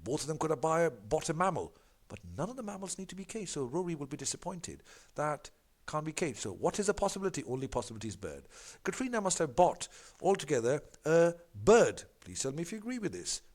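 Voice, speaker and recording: A man's voice: a little high, fast. A man working through exam practice questions as a tutor. He talks in an emphatic way, stumbles and corrects himself often, and keeps repeating catchphrases. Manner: animated, emphatic, repeats catchphrases like "big fat no".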